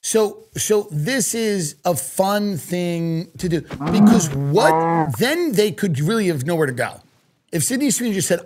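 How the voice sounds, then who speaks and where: A man's voice: high-pitched, very animated, measured pace, very noisy. A man hosting a comedy podcast, delivering a rambling, absurd and profane monologue.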